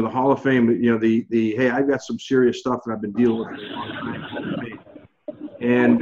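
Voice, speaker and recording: A man's voice: mid-range voice, darkish tone. A man coaching a group over a call, chatty and encouraging, his talk loose and full of fillers. The audio is a bit dull and lo-fi.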